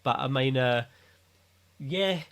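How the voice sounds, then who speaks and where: A man's voice: medium pitch, slow pace, fairly bright tone. A man co-hosting a podcast, rambling casually with self-mocking asides. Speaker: podcast co-host. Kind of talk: casual chat.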